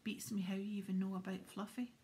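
A woman voicing a big, gruff, proud male gamekeeper in a whispered role-play. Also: medium pitch, little pitch movement, brisk, mellow, slight background noise, lightly acted.

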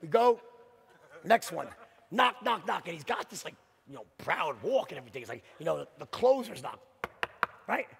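A middle-aged man giving a motivational sales keynote, telling a story in an animated, punchy way and checking in with the audience with "right?". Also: high voice, moderate pace, gravelly, pauses often. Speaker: keynote speaker. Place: large conference hall. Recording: long hall reverb from stage.

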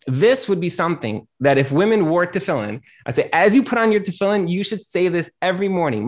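Guy on a talk show giving earnest advice, kinda high voice, repeats himself a lot. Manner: earnest, explanatory, repeats phrases. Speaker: rabbi and accountant guest.

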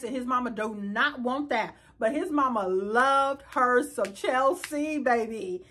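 A woman, chatting sassily and animatedly as she recaps a reality show for her viewers. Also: high-pitched. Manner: sassy, animated, talks straight to viewers. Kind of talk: casual chat.

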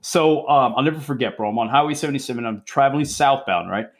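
A man in his forties, a police interdiction officer, telling stories on a podcast in an excitable, profanity-heavy way and calling people bro and dude. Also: medium pitch, fast. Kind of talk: casual storytelling chat.

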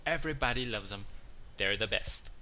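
A man's voice: lowish voice, moderate pace, sharp tone, slight background noise. A man hosting a casual chat show, talking in a playful, chatty way and acting out voices as he tells jokes. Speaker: host. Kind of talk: casual chat, telling a joke.

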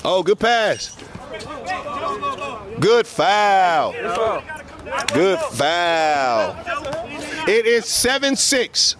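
A man calling pickup basketball from the sideline, excited and trash-talking as he keeps the score. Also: high voice, extremely slow, pauses often. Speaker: courtside commentator filming pickup games. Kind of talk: hype courtside commentary. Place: outdoor basketball court. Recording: noisy crowd at an outdoor court. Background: crowd and bouncing ball.

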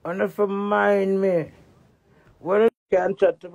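A middle-aged woman in a blunt, profane, animated casual rant to the camera. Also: mid-range voice, unhurried, a little hiss or hum.

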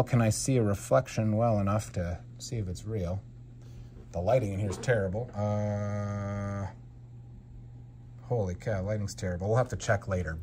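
A man giving casual unboxing commentary as a Lego collector, excitable and exclaiming at each find. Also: medium pitch, slightly rough. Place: home basement.

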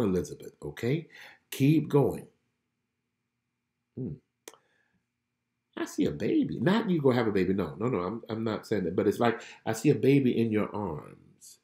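Animated preacher man, lively pitch. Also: echoey room. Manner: animated, exclaims and laughs, greets viewers by name. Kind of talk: live-streamed prophetic preaching.

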